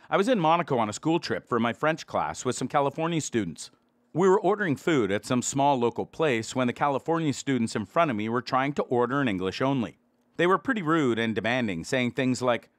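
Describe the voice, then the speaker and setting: A man reading out internet stories in scripted narration, in a lively storytelling manner. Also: medium pitch, no echo, clean studio sound.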